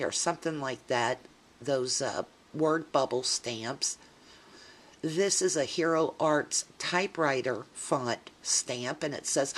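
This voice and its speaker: Woman, middle-aged, low voice, unhurried, rambling, self-deprecating, casual vlog chat. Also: fairly bright tone. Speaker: scrapbooking vlogger. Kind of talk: casual show-and-tell chat.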